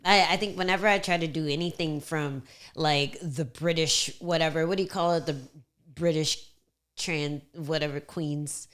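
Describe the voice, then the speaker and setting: A woman's voice: sits low, fairly even intonation, moderate pace, a bit bright. A woman co-host in her thirties, joking and swearing casually while chatting about fights. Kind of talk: casual podcast chat.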